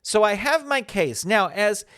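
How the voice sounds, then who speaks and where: A man's voice: high-pitched, a little slow, clear, resonant tone. A man in his fifties, a podcast host telling a chatty, self-deprecating story in a casual monologue. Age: 50s. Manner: chatty, self-deprecating, animated when quoting others.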